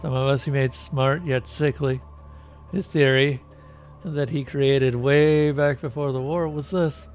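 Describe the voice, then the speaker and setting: A man voicing a dull, unshaven man in a role-playing game, talking in a boring monotone. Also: mid-range voice, a little slow, soft background music, natural voice. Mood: droning.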